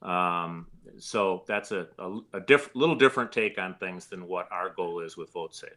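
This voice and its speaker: Brief: middle-aged guest from the upper midwest, low crisp voice, plainspoken and easygoing. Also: male voice. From Wisconsin. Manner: relaxed, plainspoken, with filler pauses. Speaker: guest, former state attorney general. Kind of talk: casual interview answers.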